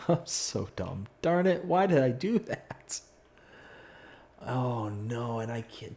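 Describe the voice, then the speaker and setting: This man talks at a medium pitch with vocal fry and a mellow quality. During a live stream of a farming game, he chats easily, reads viewer messages aloud, and mocks himself in sudden frustrated exclamations.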